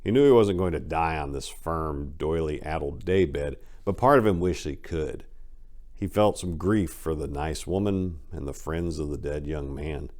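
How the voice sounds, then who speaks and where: A man with a deep, low voice who hosts his own channel. He reads a crime story aloud in an expressive, theatrical way. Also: a little slow. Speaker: writer and channel host. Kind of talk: dramatic story reading.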